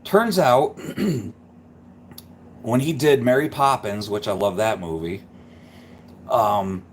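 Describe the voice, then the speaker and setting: A man's voice: medium pitch, slow, slight background noise. A man hosting a live stream, chatting casually and rambling through a story. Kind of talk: casual chat.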